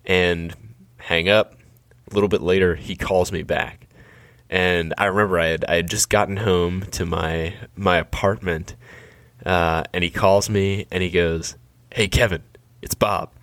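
A man in his thirties recounts a fundraising story in a relaxed, self-deprecating way. His voice is low, and the sound is dry and close with no room around it. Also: unhurried, dry recording. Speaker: nonprofit fundraiser. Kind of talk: anecdotal storytelling.

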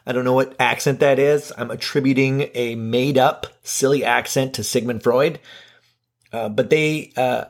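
A man hosting a casual self-help video, talking to camera in an animated, self-mocking way with light swearing and big playful swings in pitch. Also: moderate pace, gravelly. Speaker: video host.

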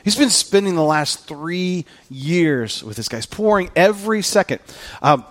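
A male pastor preaching with a fairly high voice. His delivery is earnest and conversational, with frequent restarts and repeated words as he builds his points. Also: lively intonation, a little slow, a bit bright. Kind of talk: sermon.

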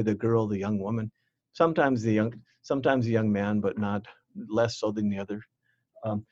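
This former youth outreach worker, a guest in an interview, has a fairly low, mellow voice, recorded with no room sound and a slightly dull, dry quality. He candidly and earnestly tells stories about his outreach work, repeating words frequently and performing the voices of people he quotes.

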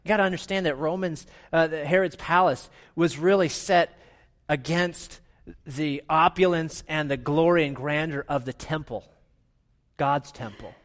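Animated playful male preacher. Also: fairly high pitch, moderate pace. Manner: animated, playful, with audience participation. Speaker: pastor. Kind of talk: sermon.

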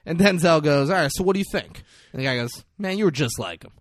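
A man's voice: fairly high pitch, a little fast, no room sound, studio quality. A young man chatting casually, retelling a movie with lots of swearing and acting out the characters' lines. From grew up locally. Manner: animated, profane, acts out characters' lines.

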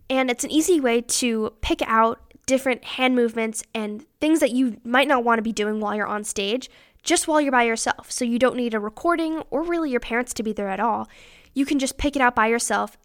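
A woman's voice: on the high side, fairly quick. A teenage girl giving upbeat, instructive pageant advice in a scripted talk, stressing her dos and don'ts. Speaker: pageant contestant giving tips.

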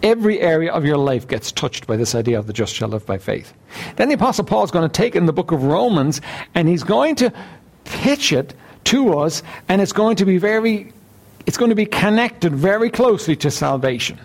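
A pastor preaches in a fairly high-pitched voice, reading scripture and then explaining it. His delivery is earnest, and he clears his throat now and then. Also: very animated, brisk.

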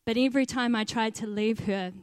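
A woman's voice: fairly high pitch, fairly even intonation, a little fast, clear, resonant tone, no echo. A young adult woman, earnestly telling a personal faith story about volunteering, with bits of laughter at herself. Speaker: volunteer team leader. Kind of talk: personal testimony.

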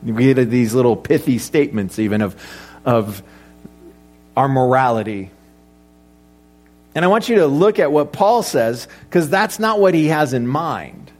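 A middle-aged man delivers a sermon in an easy, conversational way. He slips in light jokes and asks the congregation rhetorical questions. His pitch sits at an ordinary middle height for a man. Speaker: pastor.

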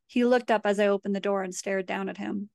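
A woman reads her horror fiction aloud in a measured, steady way. Her voice sits at a middling pitch, and the recording is dry and close, with no room sound. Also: gravelly, no echo. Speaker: author. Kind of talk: horror story reading.

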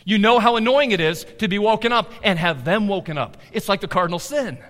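A middle-aged man preaching a sermon, animated, swinging between loud emphasis and quiet asides. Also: high voice, a little fast, in a large hall. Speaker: pastor.

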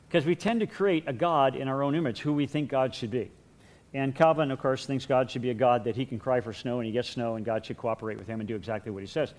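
A man's voice: medium pitch, brisk. A man teaching a Bible class in a conversational lecture, with repeated words and light chuckles.

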